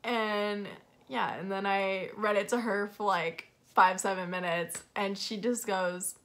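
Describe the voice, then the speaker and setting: Bright-voiced young woman telling a story. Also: medium pitch, steady tone, unhurried. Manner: candid and confessional, with frequent "like" fillers. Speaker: vlogger. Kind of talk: casual storytime vlog.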